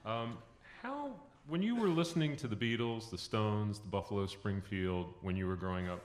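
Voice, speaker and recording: A man's voice: fairly low pitch, expressive, moderate pace. A man interviewing a guest onstage, asking long, thoughtful, winding questions. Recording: echoey room.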